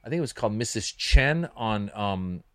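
A man, a comedian, in casual chat, telling stories fast and acting out his bits. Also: on the low side, lively intonation, no room sound, studio quality. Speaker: comedian co-host.

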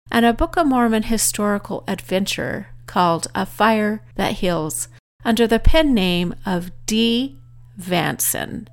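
A woman author giving a motivational talk, earnestly telling a personal story. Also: medium pitch. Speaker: author and speaker.

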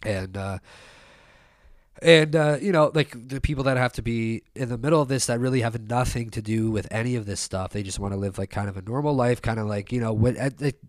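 A man's voice: medium pitch, brisk, no room sound, studio quality. A young man talking in a loose, rambling monologue, swearing often and circling back with lots of fillers and restarts. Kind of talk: casual opinion monologue.

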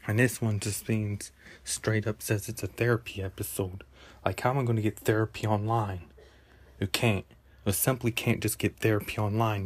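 A man hosting a solo podcast, rambling and halting, correcting himself and often dropping into a whisper. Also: fairly low pitch. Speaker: podcast host.

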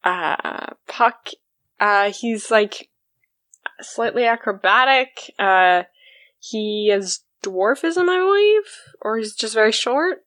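A woman from Canada, a podcast guest chatting casually, relaxed and hesitant with fillers. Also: fairly high pitch, takes it slowly, no echo, clean studio sound. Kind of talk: casual chat.

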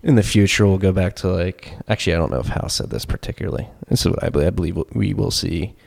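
A man's voice: deep voice, fast talker, vocal fry, a little mellow. A man co-hosting a casual podcast, rambling through his points with many fillers and self-corrections. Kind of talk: casual debate chat.

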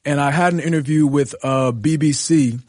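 Animated male wrestler telling stories. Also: fairly high pitch, moderate pace, no room sound, studio quality. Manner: animated storyteller, often says "you know what I'm saying". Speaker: professional wrestler as a guest. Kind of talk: casual radio interview storytelling. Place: radio studio.

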